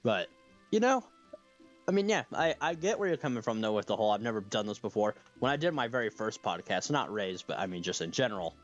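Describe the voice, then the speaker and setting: A man's voice: fairly low pitch, sing-song, fast talker, muffled recording, soft background music. A man hosting a podcast in casual chat, with a slight lisp, laughing often and restarting his sentences. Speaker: podcast host.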